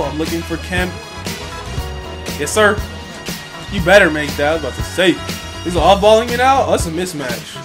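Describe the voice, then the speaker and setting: A young man commentating his own basketball video game play, swinging between frustrated grumbling and excited outbursts. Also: fairly high pitch. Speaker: gaming YouTuber. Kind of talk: live gameplay commentary.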